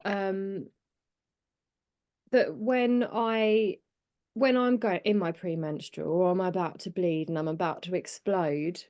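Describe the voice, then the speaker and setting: A woman's voice: fairly low pitch, fairly even intonation, slow pace, darkish tone. A woman, co-hosting a podcast in casual chat and thinking aloud in a hesitant way. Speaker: podcast co-host.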